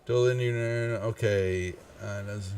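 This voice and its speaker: A man narrating as game master in a live-streamed tabletop game, halting and restarting as he checks the rules. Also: lowish voice, fairly even intonation, darkish tone, distant mic, a little hiss or hum. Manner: halting, with many restarts and fillers.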